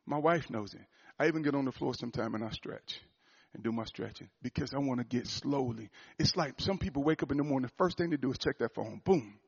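A man giving a sermon-style talk to a church audience, swinging into loud emphatic preaching. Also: mid-range voice, quick pace, creaky, hardly any pauses, husky. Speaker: speaker at a church gathering. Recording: muffled lo-fi recording.

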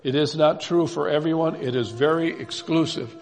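A man preaching a sermon in a measured way, repeating key phrases for emphasis. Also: on the high side, vocal fry. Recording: reverberant hall.

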